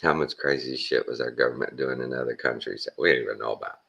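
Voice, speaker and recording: Blunt, plainspoken Texan man, very low and creaky, casual monologue. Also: fast, a bit bright, dull audio. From Texas. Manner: blunt and plainspoken, with folksy slang. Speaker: vlogger.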